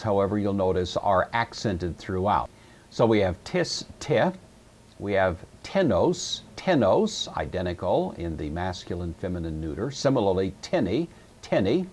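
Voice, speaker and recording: Male teacher, low husky voice, patient and methodical lecture delivery. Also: a little mellow. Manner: patient, methodical explaining with frequent uh fillers. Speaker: Greek teacher. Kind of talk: recorded lecture.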